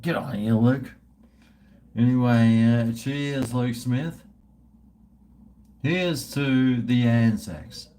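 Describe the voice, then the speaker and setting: A man's voice: mid-range voice, extremely slow, pauses often, background noise. A man, chatting casually and profanely with his livestream viewers in a rambling way. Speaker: livestream host.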